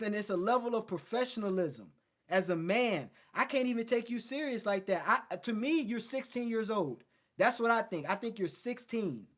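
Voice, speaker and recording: A man hosting a livestream, lecturing his viewers bluntly and swearing often. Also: high-pitched. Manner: mocks others in put-on voices. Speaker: host. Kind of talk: livestream coaching talk.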